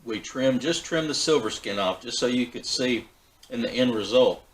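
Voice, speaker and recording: A man hosting a backyard barbecue vlog, talking in a relaxed, folksy way with fillers and restarts. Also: medium pitch, normal speed, poor audio. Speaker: backyard BBQ channel host. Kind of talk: casual cooking vlog.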